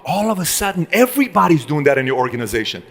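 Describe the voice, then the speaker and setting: A man's voice: fairly high pitch, big pitch swings, quick pace, gravelly, fairly bright tone. A man giving an emphatic motivational business talk to a live audience, asking the room questions and acting out conversations. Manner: emphatic, asks the room questions, acts out dialogues. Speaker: business speaker.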